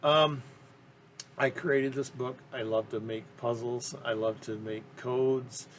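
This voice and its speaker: A man's voice: mid-range voice, steady tone, slow pace, a little hiss or hum. A man talking casually about his collecting, rambling and enthusiastic, with frequent ums and restarts. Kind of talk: casual interview talk.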